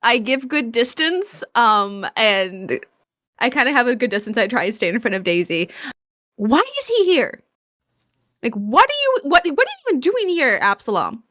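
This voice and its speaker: A woman playing her character in a tabletop game, answering with indignant, sharp comebacks. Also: a little high, sing-song, normal speed, no echo, studio quality. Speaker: player.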